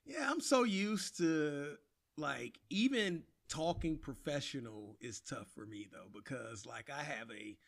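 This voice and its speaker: A man's voice: fairly high pitch, animated, measured pace, creaky. A man with a Chicago accent hosting a podcast, chatting casually in a laid-back, laughing, self-mocking way. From Chicago, USA. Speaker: podcast host.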